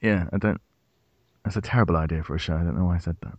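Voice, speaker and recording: A man's voice: sits low, racing, no room sound, dull audio. A man co-hosting a podcast in casual banter, dry and joking, laughing often. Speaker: podcast co-host.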